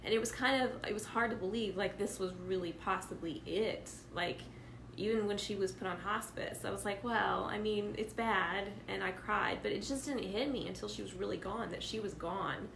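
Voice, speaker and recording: A woman's voice: mid-range voice, fairly quick, gravelly, fairly bright tone, echoey room, a little hiss or hum, low-quality recording. A mother co-hosting a parenting talk, speaking personally while emotional and close to tears. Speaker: co-host, homeschooling mother.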